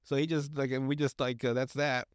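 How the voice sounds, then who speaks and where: A man's voice: mid-range voice, little pitch movement, brisk, smooth, no echo, studio quality. Rambling, crude-talking man telling stories. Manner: rambling, crude, many fillers and restarts. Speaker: podcast host. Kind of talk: casual storytelling chat.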